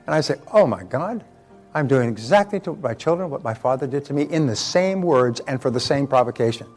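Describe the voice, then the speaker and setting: A man's voice: mid-range voice, expressive, fast, a little mellow. A man speaking as a motivational speaker in a seminar talk, telling anecdotes and acting out quoted exchanges, with faint music underneath.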